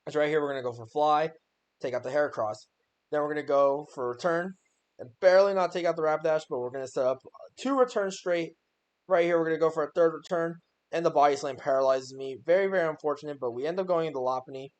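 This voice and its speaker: A man's voice: a little high, fast talker. A young man giving a casual voice-over on his own game run, joking and exasperated at his own plays. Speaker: gaming YouTuber.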